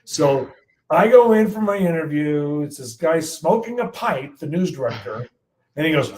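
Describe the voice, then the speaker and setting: Older male meteorologist guest, lively storyteller, somewhat high voice. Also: normal speed, low-quality recording. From United States. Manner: animated anecdote telling, acts out quotes. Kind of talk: storytelling in an interview.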